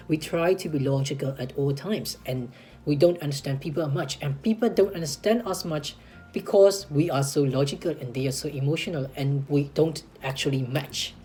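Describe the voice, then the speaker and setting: A woman's voice: lowish voice, warm tone, breathy edge. A woman talking straight to the viewers in a casual advice vlog, earnest and repetitive, often checking in with "right?" and "guys" and restarting her sentences. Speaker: advice vlogger.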